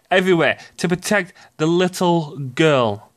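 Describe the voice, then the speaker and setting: A young man giving profane, ranting commentary on video games, excitable and quick to burst out shouting. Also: sits high. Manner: excitable, swears often, sudden shouty outbursts. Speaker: gaming commentator.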